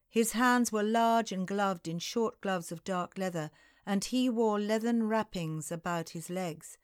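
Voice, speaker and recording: A woman narrating a historical novel in the first person, in slow, measured storytelling. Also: medium pitch, clean tone, no room sound, clean studio sound.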